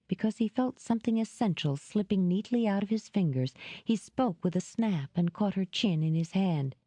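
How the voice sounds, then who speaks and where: Mellow, dry-voiced woman narrating. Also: medium pitch, animated, normal speed, few pauses, no room sound. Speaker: audiobook narrator. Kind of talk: scripted narration.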